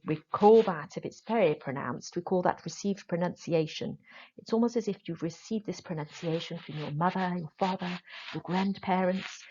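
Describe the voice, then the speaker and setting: A woman drama teacher explaining a lesson to her students, stressing the key points with lively emphasis. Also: fairly low pitch, muffled recording. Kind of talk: recorded classroom lesson.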